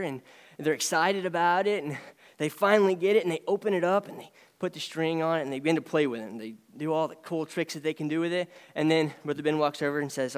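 A man preaching a sermon, earnest and emphatic, swinging between raised lines and quiet ones. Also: a little high, fast talker, clear, resonant tone, long reverb tail. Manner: earnest, rising and dropping emphasis.

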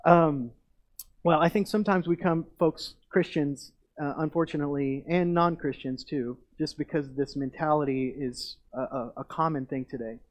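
A man's voice: fairly high pitch, steady tone, normal speed. A middle-aged man, a pastor, preaching a sermon in a conversational way that rises to emphatic declarations.

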